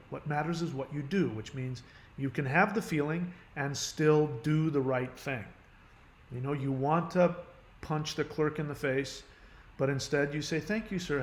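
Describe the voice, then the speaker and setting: A middle-aged channel host with a fairly high voice gives a rambling, casual advice monologue, often restarting sentences and saying "you know" a lot. He has a headache, and the sound is roomy.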